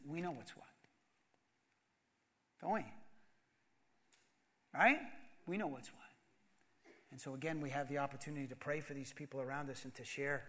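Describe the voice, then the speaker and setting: Animated bright-voiced male preacher. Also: a little high. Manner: animated, repeats phrases, swings from hushed to loud. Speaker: pastor. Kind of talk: sermon.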